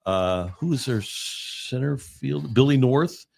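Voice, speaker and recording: A man in his sixties hosting a sports talk show, reminiscing in a relaxed, halting way with many fillers. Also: medium pitch, creaky. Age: 60s. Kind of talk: casual sports radio chat. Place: radio studio.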